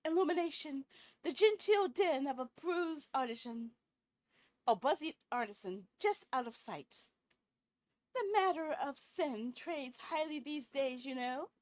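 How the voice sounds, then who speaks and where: A woman voicing a refined, theatrical female visitor who talks in an archaic, highbrow way and draws out her words. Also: darkish tone, exaggerated voice. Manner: archaic, highbrow speech, slow and drawn out.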